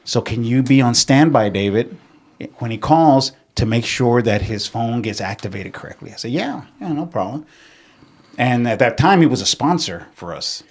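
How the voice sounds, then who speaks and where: A middle-aged man from San Antonio, a podcast guest, telling animated stories in casual chat, acting out quotes and swearing freely. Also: mid-range voice, normal speed. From San Antonio, Texas. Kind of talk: casual storytelling.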